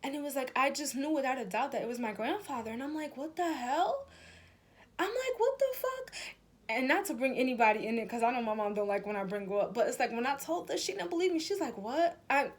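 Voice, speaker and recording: A woman with a somewhat high voice talks to her viewers in a loose, chatty way about spiritual matters. She is emphatic and swears freely, often calling her listeners y'all. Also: racing, few pauses. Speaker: spiritual reader and vlogger. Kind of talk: casual spiritual talk to camera.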